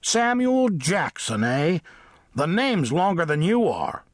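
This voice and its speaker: A man voicing a blunt, no-nonsense male farm cat in an audiobook, speaking gruffly and matter-of-factly. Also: a little high, big pitch swings, slow pace, no echo, clean studio sound, voice pushed up, full character voice. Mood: mocking. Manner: gruff, warning, matter-of-fact. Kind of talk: audiobook character voice.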